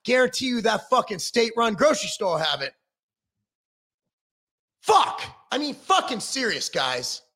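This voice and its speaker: Brief: middle-aged man, profane heated rant, high gravelly voice, swinging pitch. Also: sing-song, normal speed, pauses often, bright, forceful tone. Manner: heated, sarcastic, swearing constantly.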